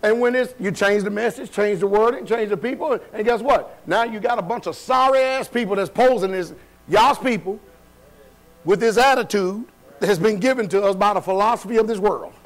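In a church hall, a man preaches a loose, colloquial sermon in call-and-response style, firing questions at the congregation and laughing between points. His voice is high and his speed normal.

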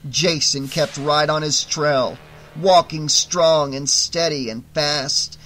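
A man narrating a horror audiobook in a bright, forceful voice that sits a little high for a man. He reads with dramatic, tense storytelling. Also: fairly even intonation, slow pace.

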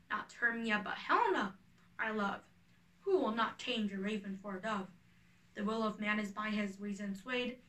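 An ardent young male lover, read by a woman in earnest verse. The voice is bright and fairly high, heard from a little distance. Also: echoey room. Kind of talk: reading a play aloud.

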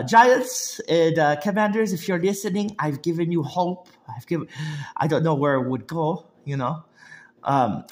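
A young man ranting casually about football, rambling with many restarts and heated outbursts. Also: mid-range voice. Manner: bursts into shouting and laughter. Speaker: sports vlogger. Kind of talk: casual sports rant.

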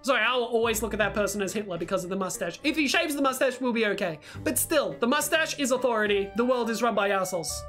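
High bright-voiced woman rambling over a game, gets loud and excited, swears a lot, faint game music behind her. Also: fast, hardly any pauses. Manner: excitable, swears freely, thinks aloud. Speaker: let's play host. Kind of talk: gameplay commentary.

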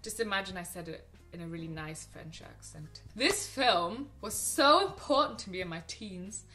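A young woman chats about films she loved, gushing and full of little ums and restarts. Her voice is bright and clear, with a touch of soft music underneath. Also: lowish voice, expressive, moderate pace. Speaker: film vlogger. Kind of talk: casual film recommendations to camera.

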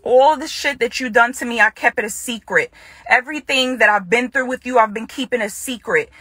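A woman's voice: fairly high pitch, a little fast, a bit bright, breathy edge, no echo. A woman vlogging straight to the camera in a confrontational way, repeating her phrases for emphasis, with a Jamaican accent. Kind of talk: direct-to-camera vlog rant.

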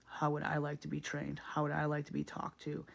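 A man's voice: fairly high pitch, completely flat delivery, a little fast, creaky, fairly bright tone. A man in a casual, reflective monologue, speaking earnestly and often repeating himself with many fillers.

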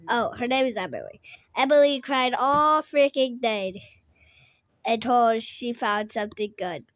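A woman's voice: a little high, dry recording. A woman telling an improvised story in a rambling way, often stopping to correct herself.

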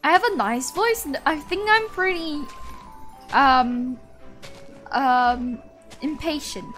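A young woman livestreaming a game, her voice very high and bright as she chats with viewers. She talks at an unhurried pace but gets excitable and loud when the game surprises her, laughing often. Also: faint music behind. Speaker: streamer. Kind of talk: casual gaming livestream chat.

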